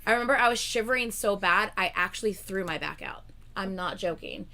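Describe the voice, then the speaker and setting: A young woman co-hosts a livestream and chats in a rambling, casual way, full of "like" fillers and laughter between lines. Her medium-pitched voice is bright and forceful, and she talks a little fast.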